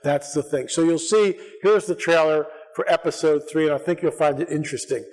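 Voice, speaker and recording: Conference speaker in a church, lively storyteller, higher voice, echoey hall. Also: male voice, a little fast. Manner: animated, acts out quotes, restarts often. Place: church sanctuary.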